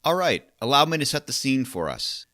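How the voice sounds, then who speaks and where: A man's voice: medium pitch, big pitch swings, fairly quick, pushed and bright, no echo, clean studio sound. A man hosting a solo podcast as a coach, talking in a casual, wry, conversational way.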